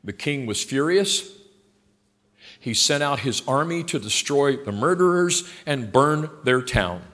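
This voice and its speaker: Older male pastor, emphatic folksy sermon, mid-pitched voice, reverberant sanctuary. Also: lively intonation, a little slow. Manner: emphatic, swinging from quiet asides to loud passionate outbursts; blunt and folksy. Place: large church sanctuary. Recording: long hall reverb in a church.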